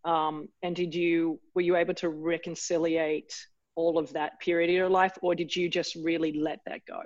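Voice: mid-range voice, level tone, moderate pace. A podcast host asking long, searching questions, hesitating and rephrasing as they go. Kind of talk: podcast interview. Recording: dull lo-fi sound.

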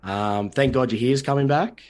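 A man's voice: mid-range voice, moderate pace. Easygoing man hosting. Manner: relaxed, brief affirmations and questions. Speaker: podcast host. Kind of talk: casual interview chat.

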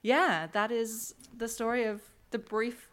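A woman's voice: on the high side, little pitch movement, a little slow, fairly bright tone. A woman co-hosting a podcast, chatting casually and enthusiastically, with lots of "like" and "um.". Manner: enthusiastic, rambling, uses "like" and "um" a lot. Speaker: podcast co-host. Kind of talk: casual chat.

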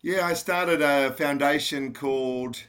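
A man's voice: on the high side, slow pace, a bit bright, clean tone. Passionate Australian man, direct talk. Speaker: podcast guest, charity founder. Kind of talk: casual interview talk.

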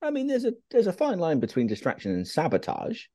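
A man's voice: high voice, huge pitch swings, fast, dark tone, no room sound, studio quality. A man co-hosting a casual football podcast, chatting with wry humour. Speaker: podcast co-host. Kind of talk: casual chat.

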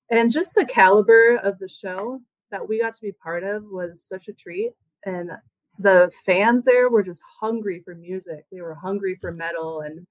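Here's a band member speaking in an interview: she's chatty and relaxed, leaning constantly on fillers such as "you know" and "like." The rough recording carries her lowish voice with no room sound at all.

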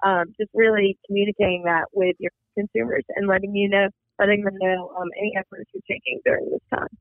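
A man with a high, gravelly voice comes through a tinny phone line as co-host. He reads out marketing points in a casual way, dotted with "um" fillers. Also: level tone, fast talker, no room sound. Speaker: podcast co-host. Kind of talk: casual business chat.

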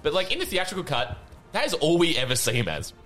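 A man's voice: fairly high pitch, sing-song, quick pace, fairly bright tone. A man, hosting a casual podcast, joking and teasing his co-hosts and laughing often. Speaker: podcast host.

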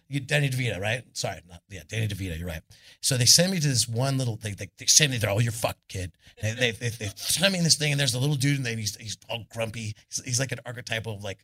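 A man, a rock musician guest on a live club stage, telling a rambling, profane story and acting out the people in it. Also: mid-range voice. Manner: animated, swearing, acts out the people in his story.

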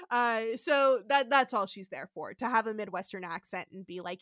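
Young woman podcast host, bright voice, does the lines in voices, laughs a lot. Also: medium pitch, normal speed, few pauses, no room sound, clean studio sound. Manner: animated, acts out quotes, laughs often. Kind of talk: casual recap chat.

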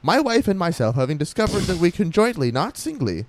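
Brief: earnest old-timey spiritualist gentleman, formal and raised in pitch, lively rise and fall, read aloud by a male podcaster. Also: a little fast. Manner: old-fashioned formal reading, nearly transatlantic. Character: earnest 1870s male spiritualist letter writer.

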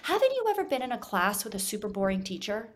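A woman guest on a podcast, talking about hypnotherapy in a lively, teacherly way at a middling pitch. She pushes her voice louder and brighter, then drops it low and soft, as she explains. Recorded in a studio. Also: fast. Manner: animated, explanatory, shifts volume to demonstrate.

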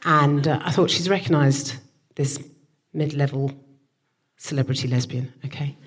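A woman in her forties, a comedian co-host, telling comic stories on a live stage, animated and swearing. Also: sits low, normal speed, noisy background. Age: 40s. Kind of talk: comic storytelling.

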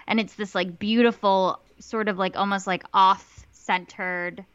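A woman's voice: medium pitch, fairly even intonation, measured pace, a bit bright, smooth, no echo, muffled recording. A woman co-hosting a podcast, recapping a TV episode in casual chat with lots of "like" fillers. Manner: chatty, many "like" fillers, quotes lines in little voices. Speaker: podcast co-host.

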